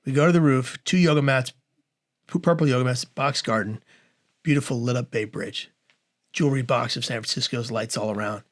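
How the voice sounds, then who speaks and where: A man in his forties telling a comic story as a guest, animated and acting out the voices of the people in it. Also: brisk. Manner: animated, acts out quoted voices with big pitch swings.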